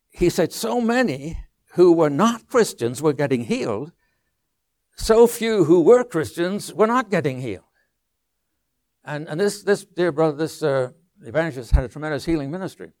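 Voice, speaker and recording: An older man preaching a sermon, telling a story with asides and restarts, sometimes dropping to a soft low voice. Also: animated, measured pace, long pauses, no room sound. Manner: anecdotal, with asides and restarts, drops to a soft low voice on quiet lines.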